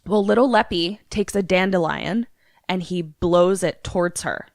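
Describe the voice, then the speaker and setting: A woman co-host retells a film plot in loose, casual chat, swearing freely. Her voice sits a little low and is recorded dry and close. She tells it like an animated storyteller. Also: a little slow, creaky, no echo. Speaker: podcast co-host. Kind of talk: casual movie recap chat.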